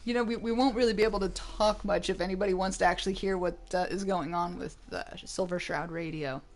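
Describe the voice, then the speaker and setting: A woman's voice: on the low side, fairly even intonation, fast. Chatty rambling woman. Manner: chatty, rambling with many restarts. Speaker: co-host of a gaming stream. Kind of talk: casual gameplay chat.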